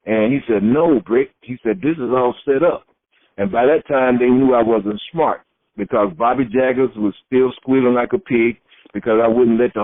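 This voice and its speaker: A man's voice: mid-range voice, no echo. Middle-aged man telling stories over a tinny line. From Florida, USA. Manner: lively storyteller who acts out quoted voices. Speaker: retired pro wrestler, interview guest. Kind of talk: storytelling shoot interview. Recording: tinny phone-like line, dry.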